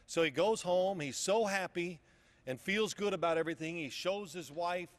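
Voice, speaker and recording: At a luncheon event hall, a man gives a casual motivational speech, his voice sitting high at a moderate pace in a large hall. He tells a story in a rambling way, restarting frequently.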